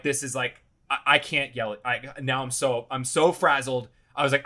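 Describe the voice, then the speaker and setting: A man telling a casual anecdote in an animated, rambling way, swearing often and repeating "I'm like". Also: medium pitch. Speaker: storyteller.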